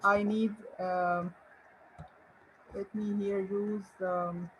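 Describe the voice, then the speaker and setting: A woman's voice: medium pitch, level tone, drawn-out words, a little hiss or hum, rough recording. A woman English teacher giving an online grammar lesson, encouraging and asking her viewers questions. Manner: encouraging, rhetorical questions and praise.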